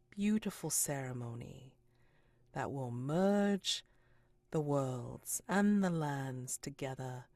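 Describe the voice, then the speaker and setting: Menacing fae hostess voiced by a woman in a drawn-out breathy whisper, dry close sound. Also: deep voice, mellow, dry recording, exaggerated voice.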